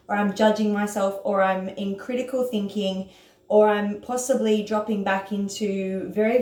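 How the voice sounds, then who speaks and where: A woman speaks in a casual, earnest self-help talk, at a middling pitch for a woman. Her pace jumps when she gets excited, and then she deliberately slows down. The room around her is echoey. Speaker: yoga teacher and author.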